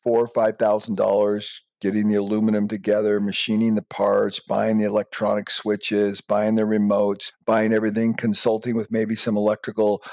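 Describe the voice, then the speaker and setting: A man's voice: fairly low pitch, monotone, normal speed, gravelly, few pauses, darkish tone, no room sound, dull audio. A middle-aged man answering interview questions emphatically, giving blunt step-by-step advice. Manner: emphatic, acts out quoted dialogue in raised voices. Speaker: guest entrepreneur.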